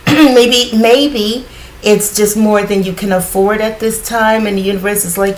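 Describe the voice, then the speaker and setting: A woman giving a casual spiritual card reading in a groggy morning voice, often clearing her throat and rambling reassuringly with lots of fillers. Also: mid-range voice, fairly even intonation, moderate pace, a little hiss or hum, rough recording. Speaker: tarot card reader.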